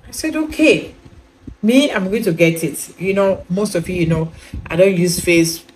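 A woman with a fairly low, slightly mellow voice speaks at a moderate pace, reviewing a skincare product in a casual vlog. She rambles, says "you know" over and over, and keeps asking viewers if they follow her. There's slight background noise and the audio is poor.

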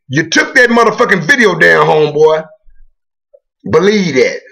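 A man's voice: high-pitched, animated, moderate pace, creaky, sharp tone. A man ranting to the camera in a video blog, boastful and profane, taunting a rival. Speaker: video blogger. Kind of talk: trash-talking rant to camera.

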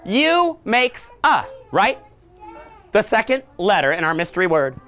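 A woman in her thirties teaching young children letter sounds in a library, playful and animated, making silly sounds and growls for them to copy. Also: mid-range voice, a little slow. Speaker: children's entertainer. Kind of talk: interactive children's phonics lesson. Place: public library room with children. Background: faint ukulele.

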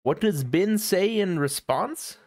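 A man's voice: sits high, lively intonation, takes it slowly. Rambling, profane young man streamer. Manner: rambling, profane, sings and shouts in bursts. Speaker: game streamer. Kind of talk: casual let's-play commentary. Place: home streaming setup.

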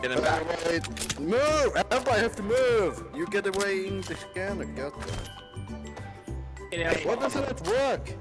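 A man with an Australian accent, chatting loudly and teasing other players in a game. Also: high voice, big pitch swings, unhurried. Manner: loud, rowdy and teasing. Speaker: gamer. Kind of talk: casual game chat. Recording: game audio with loud music.

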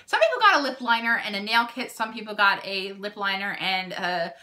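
A young woman in a casual beauty unboxing vlog, gushing and excitable as she talks to her viewers. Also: mid-range voice, fairly quick. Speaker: beauty YouTuber.

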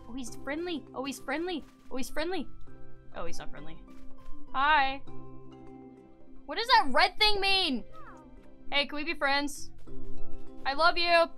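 Woman streamer, high bright voice, excitable, squeals then mutters, game commentary, faint music behind. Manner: excitable, swings between loud squeals and mutters. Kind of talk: casual gameplay commentary.

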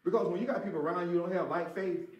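A man's voice: sits high, steady tone, fast, lo-fi sound. A man preaching a sermon as pastor, emphatic, repeating his phrases and speaking straight to the congregation. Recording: roomy echo.

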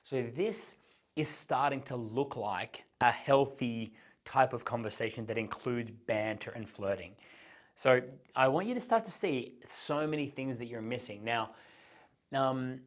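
A man, working as a dating coach, gives an instructional talk at an unhurried pace, walking through each step and shifting his speed and pitch to act out examples.

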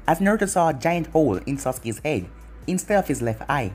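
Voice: brisk, breathy edge, faint music behind. A narrator reading fan fiction aloud in plain storytelling fashion. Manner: plain storytelling with lively pitch.

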